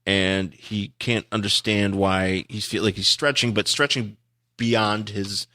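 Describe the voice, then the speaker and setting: A man's voice: on the low side, fairly even intonation, measured pace, sharp tone. A man co-hosting a podcast, chatting casually about a comic and often restarting his sentences as he jokes. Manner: rambling, restarts phrases, joking. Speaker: podcast co-host.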